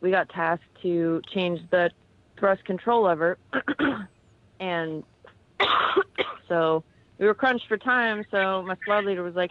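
A woman, an army veteran, telling a lively story as a podcast guest and jumping into a high yelp when she quotes herself. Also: slow pace, long pauses, no room sound, highs cut off. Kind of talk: casual anecdote on a podcast.

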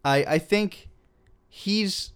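A young man co-hosting a podcast, chatting casually about a film, animated and swearing freely. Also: high-pitched, extremely slow, clear, resonant tone. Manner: animated, swears casually, acts out quoted lines. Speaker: podcast co-host. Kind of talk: casual film review chat.

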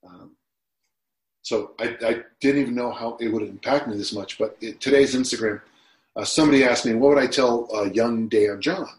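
A man's voice: mid-range voice, normal speed. A man in his sixties being interviewed on a podcast, talking in a reflective way that turns emotional at times. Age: 60s. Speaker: guest. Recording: roomy echo.

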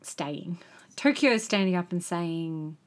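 A woman's voice: mid-range voice, lively intonation, measured pace, fairly bright tone. A woman co-hosting a podcast in casual group chat, blunt and laughing often, swearing freely. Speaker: podcast co-host.

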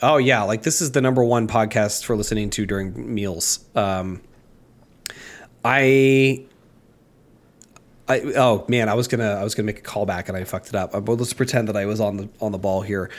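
A man with a head cold and a slightly gravelly voice, co-hosting a casual podcast chat in a jokey, rambling, self-mocking way. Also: on the low side, quick pace, hardly any pauses. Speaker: podcast co-host.

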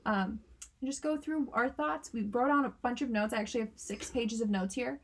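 A woman's voice: on the high side, brisk. A young woman co-hosting a casual podcast, playful and teasing with mock-serious setups. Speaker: podcast co-host. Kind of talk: casual chat.

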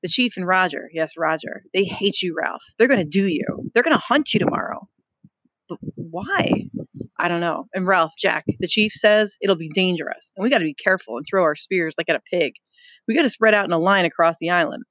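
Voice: mid-range voice, brisk, no echo, lightly acted, low-quality recording. A reader voicing nervous twin boys who insistently warn a friend to run in a storybook reading. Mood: urgent. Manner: hushed, insistent warnings.

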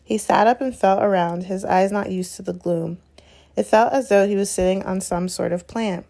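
A woman narrates a novel at an even, unhurried pace with a middle-range voice. She now and then corrects a slipped word and carries on calmly. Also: medium pitch, creaky. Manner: steady, unhurried narration with small self-corrections. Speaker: reader. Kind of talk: reading a novel aloud.

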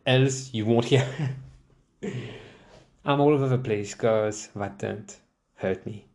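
A man's voice: medium pitch, takes it slowly, a little mellow. Rambling self-mocking young man. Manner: rambling, self-mocking, many restarts and laughs. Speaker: podcast host. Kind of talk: casual solo podcast chat. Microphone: desk microphone, seated in a chair.

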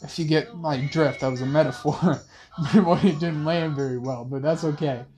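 A young man hosting a rambling late-night monologue in laid-back slang, with soft music playing behind him. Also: on the high side, moderate pace. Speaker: host. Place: in a car.

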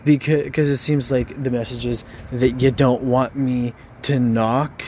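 A man of middle pitch pours out an angry, frustrated rant. He swears often and stumbles over repeated words as he pushes on. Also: little pitch movement, measured pace, darkish tone, slight background noise. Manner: frustrated, profane, stammering repeats.

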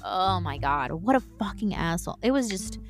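A young woman hosting her own podcast, ranting candidly and swearing freely, with sudden animated, mocking outbursts. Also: fairly low pitch, normal speed, faint music behind. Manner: candid and heavily profane, ranting. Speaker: podcast host. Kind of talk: solo podcast rant.

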